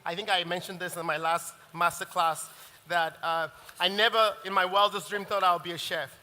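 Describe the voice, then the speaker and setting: A man's voice: high-pitched, steady tone, brisk, pushed and bright. A middle-aged man, a chef giving a live masterclass in a chatty, laughing way and often restarting his sentences. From Nigeria. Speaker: chef giving a cooking demonstration. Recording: reverberant event hall.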